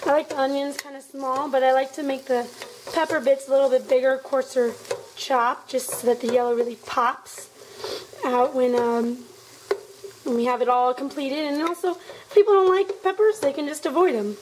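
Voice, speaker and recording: High-voiced playful woman cooking at home. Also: steady tone, moderate pace, noisy background. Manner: playful, chatty, jokey asides. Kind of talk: casual cooking demo. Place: home kitchen.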